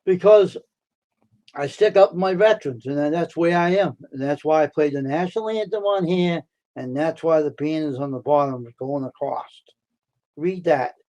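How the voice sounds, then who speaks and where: An American man hosts a casual live stream and chats directly with viewers who type in. His voice sits a touch high for a man. He circles back over the same words, turns heated, then eases people down with reassurance. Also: moderate pace, warm tone. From United States. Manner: talks back to chat, repeats himself, heated then soothing.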